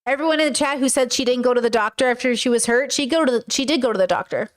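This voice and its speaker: Loud, excitable high-voiced woman streamer. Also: racing. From grew up in a Middle Eastern home. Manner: loud, excitable, self-described yell talker. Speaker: streamer reacting to a video. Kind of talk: casual live-stream chat.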